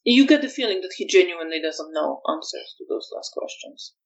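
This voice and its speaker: A woman narrating a tabletop vampire game as storyteller, measured and hesitant. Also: on the low side, lively intonation, far from the mic, lo-fi sound.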